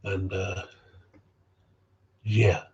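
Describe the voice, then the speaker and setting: A man's voice: sits low, little pitch movement, very slow, a little mellow. A man with a Scottish accent giving a blunt, heated personal talk about recovery, swearing freely. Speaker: speaker on recovery. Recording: dull lo-fi recording.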